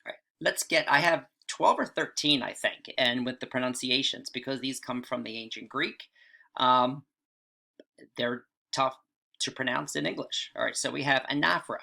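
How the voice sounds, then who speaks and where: A man's voice: mid-range voice, moderate pace, vocal fry, pushed and bright. A man teaching writing in a casual video lesson, often checking in with "all right" and "right?".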